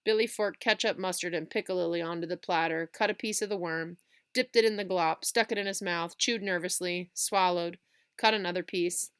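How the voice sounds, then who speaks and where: A woman reading a children's chapter book aloud, with expressive storytelling. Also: on the low side, normal speed, smooth.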